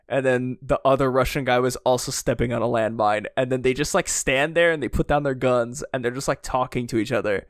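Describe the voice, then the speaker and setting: A man's voice: mid-range voice, a little fast, hardly any pauses, dry recording. Young man telling stories in a dry room. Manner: animated storytelling, lots of "like", bursts of disbelief. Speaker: podcast co-host. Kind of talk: casual chat. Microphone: podcast microphone.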